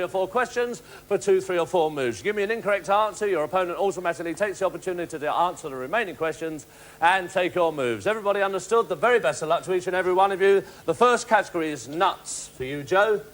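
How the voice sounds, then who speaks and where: A man hosting a family game show, chatty, teasing and upbeat with young contestants. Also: high voice. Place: TV studio with live audience. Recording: 1980s TV studio with loud audience and noise.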